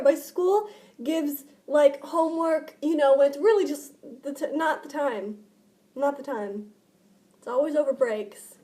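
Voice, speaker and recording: A woman's voice: sits high, warm tone. A woman chatting casually in a vlog at home, rambling and filling her talk with "like.". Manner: rambling, chatty, many filler "like"s. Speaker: vlogger. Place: indoors at home, by a window.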